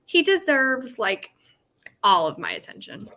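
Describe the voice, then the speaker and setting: Young woman, bright tone, casual chat, lots of fillers. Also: medium pitch, a little slow. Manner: chatty, frequent fillers, animated about her rabbit.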